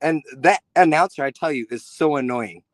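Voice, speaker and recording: Earnest, excitable male caller, dry voice. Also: on the high side, normal speed, no echo, low-quality recording. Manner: earnest, excitable, repeats himself for emphasis. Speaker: caller, football fan. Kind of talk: call-in conversation.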